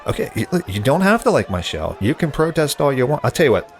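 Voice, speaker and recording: A man's voice: medium pitch, sing-song, fast. A man hosting a comedy podcast, exasperated and casual in a sketch. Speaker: podcast host.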